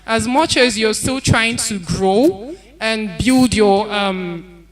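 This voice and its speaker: A woman's voice: on the high side, takes it slowly. A woman speaking on a conference panel, giving earnest advice and repeating her key points. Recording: event hall with crowd noise.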